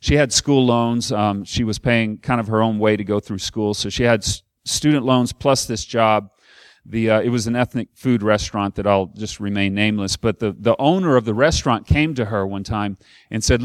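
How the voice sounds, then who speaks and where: A man's voice: fairly low pitch, moderate pace, dry recording, clean studio sound. A man preaching a sermon as a campus minister, telling a story and putting questions to the audience.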